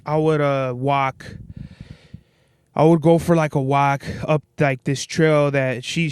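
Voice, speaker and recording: A man's voice: on the high side, clear, resonant tone, dry recording, clean studio sound. A young man hosting a podcast alone, telling rambling, profane stories in a laid-back, casual way. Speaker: podcast host. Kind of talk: casual solo podcast monologue.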